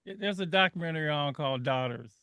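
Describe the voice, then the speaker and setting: Bright, high-voiced older male radio host. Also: quick pace, clear, resonant tone, no echo. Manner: animated storyteller, emotional, repeats words. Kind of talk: casual radio panel talk.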